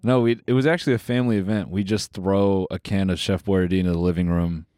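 A man co-hosting a podcast in casual comedic chat, teasing with deadpan jokes. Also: sits low, fast talker, dry recording, studio quality. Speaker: podcast co-host.

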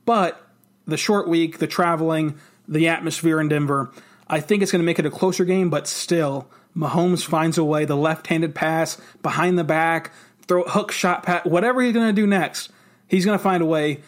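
A man co-hosting a sports podcast, talking fast and excitedly in casual football chat. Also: fairly high pitch.

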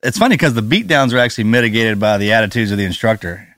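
A man co-hosting a podcast, talking in a relaxed, conversational way. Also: fairly low pitch, rapid-fire, no room sound, clean studio sound. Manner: relaxed, conversational, frequent "right?". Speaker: podcast co-host. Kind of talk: casual chat.

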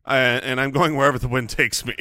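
A man co-hosting a comedy podcast, telling stories in an animated, exaggerated way. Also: medium pitch, fast talker, no room sound, studio quality. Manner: animated, exaggerated storytelling with laughs. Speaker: podcast co-host. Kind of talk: casual comedic chat.

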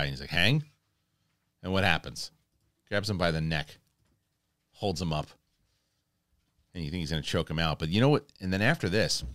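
Deep-voiced man recapping with animated asides. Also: no echo, studio quality. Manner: animated, acts out quotes, many restarts. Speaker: host. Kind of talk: casual review recap.

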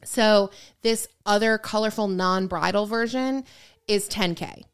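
A young woman tells a gossip story on a podcast in easy, rambling chat, with lots of "like" and "um". Her voice is smooth and clear, sitting at a middle pitch. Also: unhurried. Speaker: podcast co-host.

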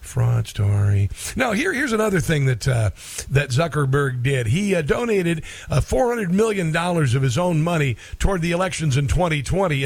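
A man's voice: a little high, dry recording. A middle-aged man hosting talk radio in a rambling, folksy monologue full of fillers.

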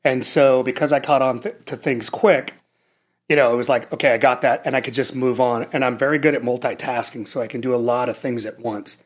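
A middle-aged American man at a medium pitch recounts his military past in relaxed conversation. He talks earnestly and reflectively, often doubling back to restart a phrase. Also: a little fast. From United States. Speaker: former Navy SEAL officer, guest. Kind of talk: casual conversational storytelling.

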